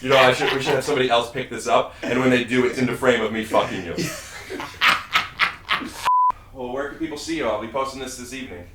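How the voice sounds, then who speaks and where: A man's voice: mid-range voice, fast talker, pauses often, very noisy. A man hosting a comedy podcast, joking loosely and laughing often as he chats with his guest. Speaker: podcast host. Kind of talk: casual comedic chat.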